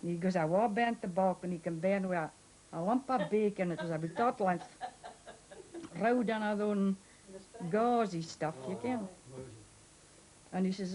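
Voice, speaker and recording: A woman's voice: medium pitch, moderate pace, rough recording. A woman from Moray, telling a funny anecdote and acting out both sides of the conversation. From Moray, Scotland. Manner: lively storyteller, acts out both sides of the conversation. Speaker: interviewee.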